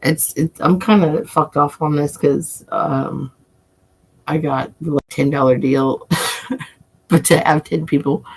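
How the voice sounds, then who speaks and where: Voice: mid-range voice, vocal fry, husky. An adult livestream host and self-described coin nerd, chatting casually with viewers in a rambling way, swearing often and chuckling.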